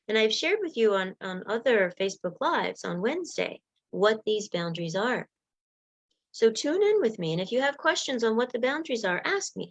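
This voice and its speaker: A woman coach giving a casual livestream talk, lively and acting out little example conversations in quick voices. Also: a little high. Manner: animated, acts out example dialogue in quick voices. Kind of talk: Facebook Live coaching talk.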